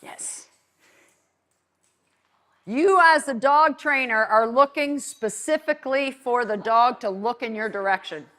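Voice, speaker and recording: A woman with a slightly high voice leads a dog training class. She talks in an upbeat way and keeps checking in with her listeners. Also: unhurried, pauses often, fairly bright tone. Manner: upbeat, checks in with frequent "okay?". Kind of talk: live class instruction.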